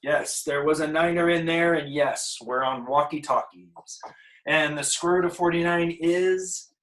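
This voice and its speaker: A man's voice: a little high, steady tone, unhurried, fairly bright tone, rough recording. A man teaching a casual math lesson, working problems aloud with jokes and asides. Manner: joking, thinks aloud while working problems. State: out of breath.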